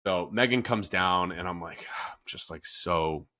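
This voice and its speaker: A man in his thirties talks through his own story on a casual podcast, rambling and circling back with plenty of fillers. His voice sits low but carries a bright, forceful edge. He sounds candid and reflective. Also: measured pace. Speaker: podcast host, fitness coach. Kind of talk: candid conversational podcast talk.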